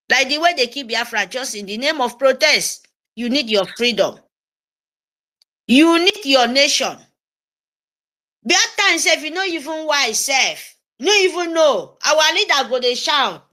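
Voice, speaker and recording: A woman's voice: high-pitched, sharp tone. A woman with a Nigerian English accent mixed with Pidgin, giving a fervent, scolding political monologue and repeating phrases for emphasis.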